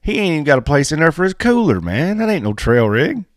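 A man's voice: on the high side, sing-song, quick pace, no echo, clean studio sound. A man, hosting a casual chat in a blunt, joking, folksy way. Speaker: podcast host. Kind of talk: casual chat about off-road racing.

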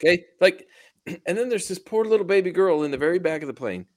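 A man's voice: sits high, lively intonation, fairly quick. A man co-hosting a casual podcast, ranting and swearing in a passive-aggressive way. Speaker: podcast co-host. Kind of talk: casual chat.

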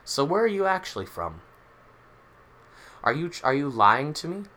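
A man hosting a podcast, teasing and questioning his guest in improvised comedy banter, quick to laugh. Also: on the high side, very animated, sharp tone. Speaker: podcast host.

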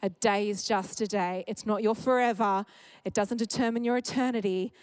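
A woman's voice: mid-range voice, steady tone, moderate pace, clean tone, no echo, rough recording. A woman, giving a heartfelt sermon at church, candid and emotional and often laughing. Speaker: speaker at church.

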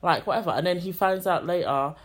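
A woman in casual chat, animated and exasperated, swearing freely. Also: lowish voice, a little fast.

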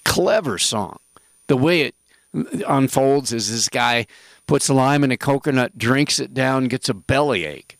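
Radio health host, male, gravelly, dry close sound, rambling and jokey. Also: mid-range voice, animated, a little slow, fairly bright tone, no room sound. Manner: rambling, jokey, emphatic asides. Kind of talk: casual radio talk.

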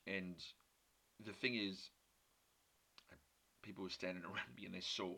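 A man's voice: sits low, fairly even intonation, normal speed, creaky. A man giving an earnest, emphatic sermon built around a personal story. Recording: loud background noise.

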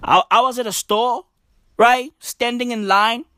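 A man doing a profane stand-up comedy rant, animated and drawn-out, jumping up into high squeaky voices. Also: clear, resonant tone, no echo, studio quality. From South Africa.

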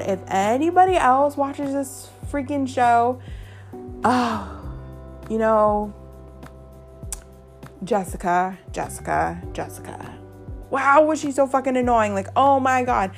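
A young woman hosting a podcast, chatting casually and gossiping bluntly, swearing freely and saying "like" a lot. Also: high voice. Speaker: podcast host. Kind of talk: casual chat.

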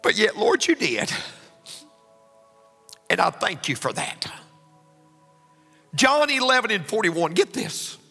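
A man's voice: high voice, sing-song, slow pace, creaky, pauses often, pushed and bright, husky. A man preaching a sermon, emotional and building to fervent exclamations. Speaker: pastor. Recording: long hall reverb with faint music.

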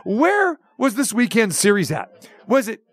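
A man hosting a sports talk radio show, ranting with sarcasm and animated energy. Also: sits high, a little slow, no room sound.

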